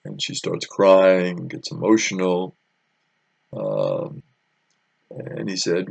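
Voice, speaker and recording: A man teaches a Bible story in a relaxed, chatty way, with plenty of fillers. His deep voice is heavily gravelly and a little husky, and it rises and falls widely. The sound is close and dry. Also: slow pace, pauses often, dry recording. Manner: conversational storytelling with many fillers.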